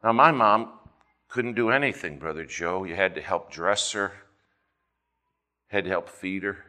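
A male preacher with a bright, forceful voice, set a little low, tells a story from the pulpit. He is animated, dropping to quiet passages and then rising loud again. His sermon delivery is steady and earnest. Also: measured pace.

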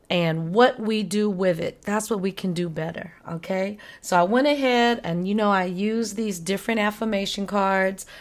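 Upbeat woman hosting a motivational talk show, chatty and easygoing. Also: mid-range voice. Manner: upbeat, conversational, acts out quoted friends. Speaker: podcast host.

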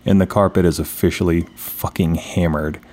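A man's voice: sits low, fairly even intonation, normal speed, a little mellow. A man co-hosting a casual podcast, making dry joking asides and swearing casually. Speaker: podcast co-host. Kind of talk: casual chat.

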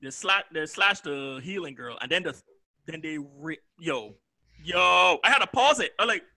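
A man's voice: a little high, moderate pace, vocal fry, no echo. A young man co-hosting an anime podcast, chatting casually and acting out his friends with laughter. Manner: animated, laughing, acts out quoted friends. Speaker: podcast co-host. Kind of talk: casual chat.

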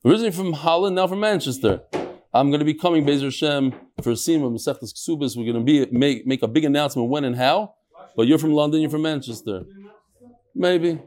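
A man's voice: a little high, fast, a little mellow, slight background noise. Chatty man teaching Talmud. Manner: chatty, jokes and asides to the room; mixes Hebrew and Yiddish terms into English. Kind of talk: live daily Talmud class.

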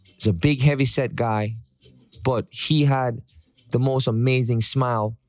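A man's voice: medium pitch, fairly even intonation, unhurried, no room sound. Upbeat preachy man, dull dry sound. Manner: preachy and upbeat, with sung greetings. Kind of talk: motivational morning talk.

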